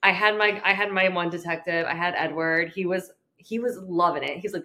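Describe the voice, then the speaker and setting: A woman's voice: on the low side, fairly quick, sharp tone. A young woman co-hosting a podcast, telling a story in a rambling, giggly way with lots of fillers. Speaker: podcast co-host. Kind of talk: casual chat.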